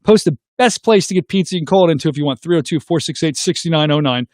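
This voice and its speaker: A middle-aged man, hosting a casual call-in show, goofy and excitable, making silly sound effects. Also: a little high, fast, dry recording, studio quality. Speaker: host of a call-in livestream show.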